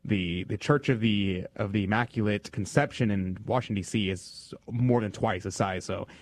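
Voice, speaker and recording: A man's voice: fairly low pitch, normal speed, no echo. Conversational male radio host, dry sound. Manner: loose, conversational, many fillers and restarts. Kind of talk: casual radio talk.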